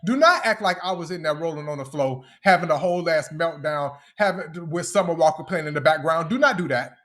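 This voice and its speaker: A man's voice: on the high side, fairly quick, fairly bright tone. A young man ranting angrily on a live stream, heated, profane and confrontational as he answers his critics. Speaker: livestreamer addressing critics. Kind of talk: angry live-stream rant.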